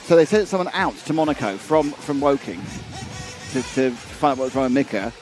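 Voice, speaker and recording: A man's voice: mid-range voice, animated, a little fast, a little mellow, faint music behind. A man commentating a live race and telling long rambling stories with many restarts.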